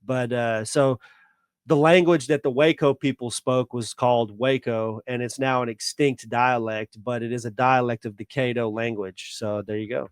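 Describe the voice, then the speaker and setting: A man co-hosting a podcast, talking through local history with lots of pauses and restarts. His voice is smooth and clear. The sound is dry and close. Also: mid-range voice, steady tone, dry recording. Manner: hesitant, many fillers and restarts. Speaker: podcast co-host. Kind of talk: casual chat explaining local history.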